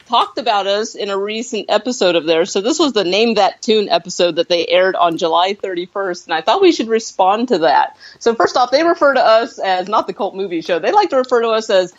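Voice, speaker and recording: A woman's voice: medium pitch, animated, fairly quick, few pauses. Playful woman co-hosting, slightly dull sound. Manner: playful, teasing, laughing. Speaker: podcast co-host. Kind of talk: casual chat.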